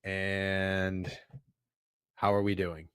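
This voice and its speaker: A young man fiddles with his camera while co-hosting a casual sports betting show on a video call, swearing, joking, and sounding flustered. His low-pitched voice is smooth and a bit bright, with a flat, very slow delivery. It's recorded at studio quality with no room sound.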